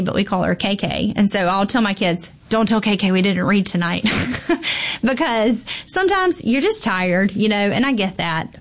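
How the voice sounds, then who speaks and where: A woman pediatrician talking casually and emphatically, with frequent fillers and repeated phrases for stress. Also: medium pitch. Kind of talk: casual podcast chat.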